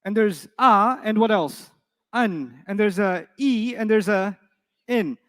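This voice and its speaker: A man teaching an Arabic grammar class in a classroom, playful and animated, quizzing his students with quick questions. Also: high-pitched. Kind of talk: classroom lecture.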